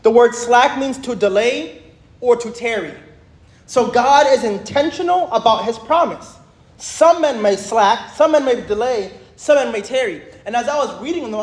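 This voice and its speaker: A man with a very high voice leads a Bible study like a sermon, excitable and emphatic, lingering over each verse. His voice rings out with a roomy echo around it. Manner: excitable, emphatic, slows down for scripture. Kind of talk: sermon-style Bible teaching.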